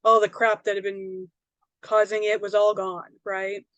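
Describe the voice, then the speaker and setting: A woman's voice: medium pitch, level tone, a little slow, fairly bright tone, no room sound, muffled recording. A woman, a psychic medium and author, telling a personal story in a casual, rambling way, full of fillers and tag questions.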